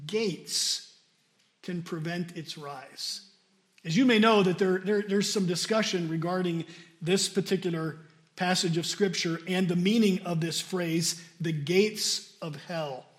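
A man preaching a sermon and reading scripture aloud, stressing key words and repeating them for emphasis. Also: high voice.

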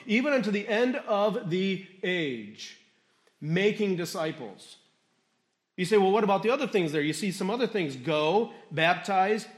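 Male pastor, high voice, teacherly sermon delivery, roomy church acoustics. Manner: teacherly, asks the congregation questions and repeats phrases.

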